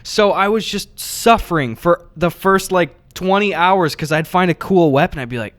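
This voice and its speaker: A man's voice: high-pitched, moderate pace, fairly bright tone. A young man co-hosting a podcast in casual chat, laid-back, with short replies and free swearing. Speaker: podcast co-host.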